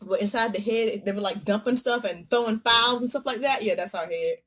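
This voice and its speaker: A woman vlogger talking casually while she eats, joking and swinging from loud exclamations to low murmurs. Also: brisk, breathy edge. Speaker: mukbang vlogger. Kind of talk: casual chat while eating.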